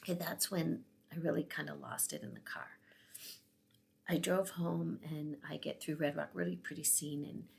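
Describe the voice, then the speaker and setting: A woman's voice: low-pitched, animated, brisk, vocal fry, husky. A tearful woman in her sixties telling a personal story in a vlog, emotional and often dropping to a whisper. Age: 60s. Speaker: vlogger.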